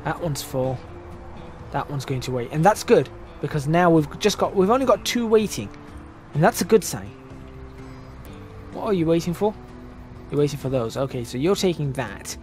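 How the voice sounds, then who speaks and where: Man, fairly high voice, casual thinking-aloud gameplay commentary, soft music bed. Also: sing-song, moderate pace, long pauses. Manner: thinking aloud, musing and self-correcting. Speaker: gaming channel host. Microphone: desk microphone, voice drifting in and out.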